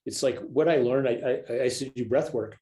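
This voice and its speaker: Speaking briskly at a medium pitch, an older counselor and spiritual leader from the United States swaps stories as a podcast guest. He's an animated storyteller who performs the voices he quotes, heard over a low-quality recording.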